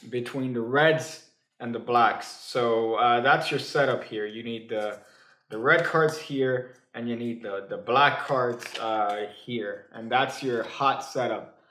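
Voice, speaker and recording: A man's voice: medium pitch, pushed and bright. A man teaches a card trick with plenty of "uh"s and restarts. He slips in dry, offhand jokes as he goes. His mid-range voice rings a little in an echoey room. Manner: halting, full of fillers and restarts; dry, joking asides. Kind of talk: casual comedic tutorial.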